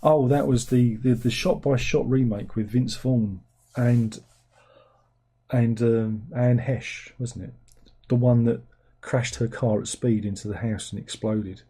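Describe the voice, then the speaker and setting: A man's voice: medium pitch, fairly even intonation, unhurried, dark tone, slightly rough. A man hosting a casual film review, reading out viewer comments in a rambling, sardonic way with incredulous outbursts.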